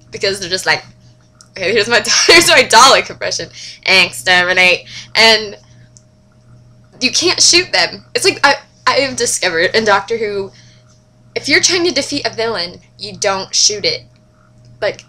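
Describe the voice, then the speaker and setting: A young woman chatting casually to her camera as a fan, gushing and animated, dropping to whispers and jumping to squeals. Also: mid-range voice. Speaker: vlogger.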